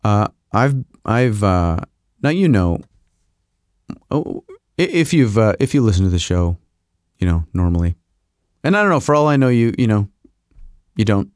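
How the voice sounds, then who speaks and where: A man's voice: big pitch swings, moderate pace, pauses often, darkish tone, no echo, studio quality. A man hosting his own podcast, rambling through a casual monologue with self-mocking asides. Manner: rambling, self-mocking, mimics agency people in a higher voice. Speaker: podcast host.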